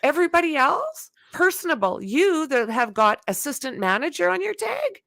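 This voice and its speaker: A middle-aged woman host chats and tells stories in an animated, exclaiming way. Her voice is fairly high and full of gravelly fry, and it swings widely up and down. The sound is dry and close. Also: normal speed, dry recording. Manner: animated storyteller, exclaims often. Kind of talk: casual livestream chat.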